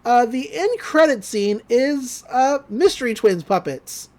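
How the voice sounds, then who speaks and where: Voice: mid-range voice, unhurried. A podcast host retelling a cartoon episode scene by scene with laughter. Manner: animated retelling with frequent laughs. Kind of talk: casual episode recap.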